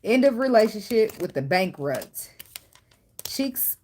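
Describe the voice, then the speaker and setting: Blunt woman tarot reader, mid-pitched voice, casual and profane, talks straight to camera. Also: animated, fairly quick, a little hiss or hum. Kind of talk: casual tarot reading monologue.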